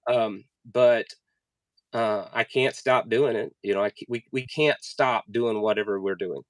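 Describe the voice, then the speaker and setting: A man hosting an interview, telling a personal story in an earnest, halting way with many restarts. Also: on the low side, dry recording. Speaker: podcast host. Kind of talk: casual conversational interview.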